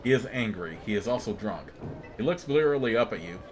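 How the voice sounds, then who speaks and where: A man hosting a let's play, reading out a game's narration in a steady, plain way. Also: lowish voice, a little fast, background noise. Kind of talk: reading game text aloud.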